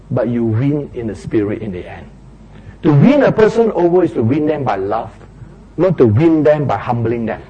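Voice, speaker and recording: A man preaches, his voice slightly husky and warm rather than bright. He tells everyday stories and acts out the quarrels in sudden raised voices. His voice sits a little higher than most men's. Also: low-quality recording. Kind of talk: sermon.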